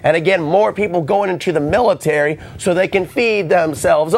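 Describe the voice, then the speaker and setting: A man hosting a call-in radio talk show, hoarse and ranting with passion. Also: high voice, normal speed, hardly any pauses. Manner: impassioned, ranting.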